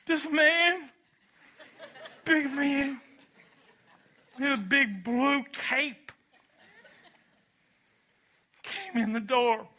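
A man voicing an eager, defensive young boy who tells a lie, in a high, pleading voice. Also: extremely slow, long pauses, pushed and bright, full character voice. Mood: fibbing.

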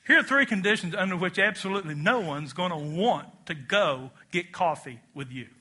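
A man preaching a sermon to a congregation, animated and leading them in call-and-response. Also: high-pitched, normal speed, breathy edge. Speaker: pastor.

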